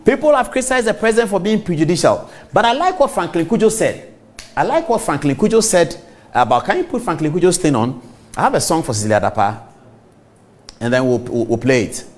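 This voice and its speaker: A middle-aged man with a Ghanaian English accent hosts a TV talk show, delivering an emphatic, animated commentary monologue straight to viewers. His voice is on the high side and brisk.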